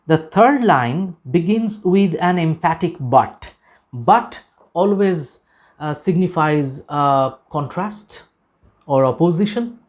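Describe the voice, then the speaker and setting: A man lecturing on a poem, deliberate and emphatic, repeating key phrases and pausing often with "uh". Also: a little high, animated. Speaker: literature lecturer. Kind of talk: recorded lecture explaining a poem.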